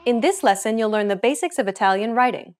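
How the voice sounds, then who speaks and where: A woman hosting a language course, explaining points in clear, friendly scripted narration. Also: on the high side, fast, faint music behind.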